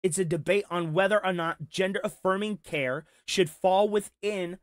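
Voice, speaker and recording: A man's voice: high voice, normal speed, no room sound, studio quality. A man giving heated, profane reaction commentary, talking with sarcasm and frustration. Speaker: commentary streamer.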